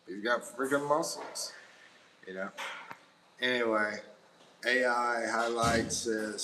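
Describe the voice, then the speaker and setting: A man's voice: mid-range voice, fairly even intonation, slow, pauses often, sharp tone, slight background noise, poor audio. A middle-aged man hosting a casual livestream indoors by a window, rambling and chuckling as he chats. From United States. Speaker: livestream host. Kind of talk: casual live-stream chat.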